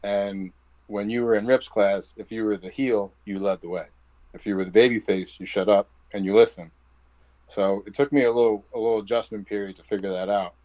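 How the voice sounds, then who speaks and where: Low-voiced Jersey guy telling stories. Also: a little fast, no echo, rough recording. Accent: New Jersey. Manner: animated storyteller who acts out quoted dialogue. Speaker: guest, professional wrestler. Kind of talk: casual interview chat.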